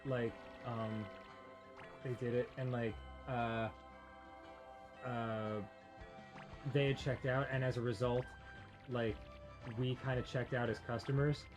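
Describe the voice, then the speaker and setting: A man's voice: mid-range voice, level tone, slow pace, long pauses, music in the background. A man co-hosting a casual chat, telling a story in a rambling way full of fillers, restarts and laughter. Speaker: podcast co-host.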